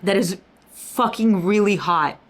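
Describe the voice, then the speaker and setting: A woman's voice: mid-range voice, unhurried. A young woman reading and gushing in a casual, emotional book vlog, swearing freely. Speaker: book vlogger.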